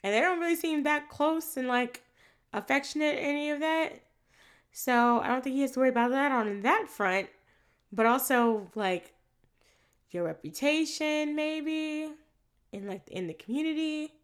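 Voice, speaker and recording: Animated, profane young-sounding woman. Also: high-pitched, moderate pace. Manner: animated, profane, acts out characters' lines. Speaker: co-host recapping a film. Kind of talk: casual chat.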